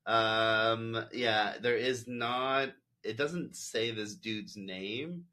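A man's voice: lowish voice, drawn-out words, pushed and bright. A man hosting a casual podcast, rambling with lots of "like" and quoted asides. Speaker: podcast host. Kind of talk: casual chat.

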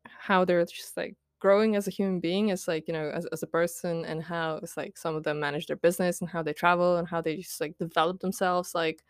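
A woman's voice: fairly low pitch, fairly even intonation, a little fast, no room sound, clean studio sound. Young woman rambling, laughing diary rant. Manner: rambling, full of "like" and fillers, laughs often; self-mocking, candid. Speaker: podcast host.

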